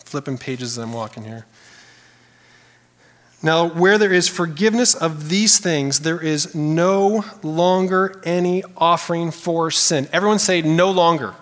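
A man preaching a sermon in a church sanctuary, animated and conversational, calling out to the congregation. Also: a little high, unhurried, in a large hall. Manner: animated, conversational preaching with audience call-outs. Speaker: pastor.

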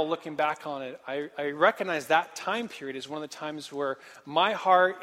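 A young man from Portland, Oregon, telling a personal story in a casual, self-deprecating sermon style. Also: on the high side. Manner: animated, self-deprecating, casual filler-heavy. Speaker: speaker. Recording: long hall reverb.

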